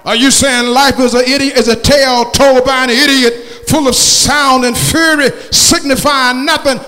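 A man preaching a sermon, calling out to the congregation and swinging from shouts down to hushed tones. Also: very high-pitched, steady tone, moderate pace. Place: church sanctuary. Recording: church hall reverb.

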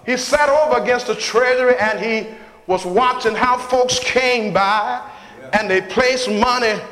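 A man preaching a call-and-response sermon in a church, building into chanted shouting. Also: extremely high pitch, unhurried. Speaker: pastor. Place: church sanctuary. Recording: echoey church hall with long reverb.

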